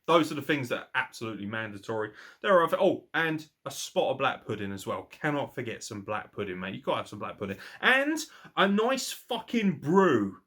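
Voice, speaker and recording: A man's voice: mid-range voice, sing-song, fairly quick, pushed and bright. A young man hosting a podcast, answering listener questions in a casual, sweary, laddish way with lots of banter.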